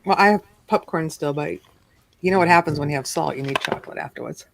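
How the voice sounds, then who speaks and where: A woman's voice: low voice, fast, vocal fry, low-quality recording. A woman hosting a livestream, chatting casually on a video call and laughing easily. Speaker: livestream host.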